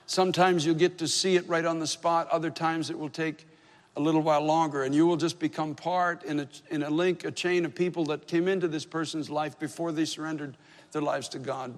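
Reverberant conversational man preaching a sermon. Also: fairly high pitch. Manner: conversational, self-deprecating storytelling with wry humor. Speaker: pastor. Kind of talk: sermon with storytelling. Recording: reverberant hall.

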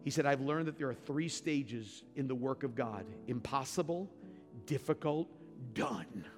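A man's voice: medium pitch, unhurried. Brief: middle-aged male pastor, emphatic sermon delivery, reverberant sanctuary. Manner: preaching with rising, emphatic peaks and repeated lines. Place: church sanctuary. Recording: long hall reverb with faint music.

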